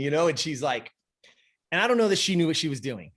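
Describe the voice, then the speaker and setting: A man's voice: a little high, expressive, moderate pace, a bit bright. A man in his fifties, a podcast guest, telling a personal story in a casual, emphatic and profane way. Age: 50s.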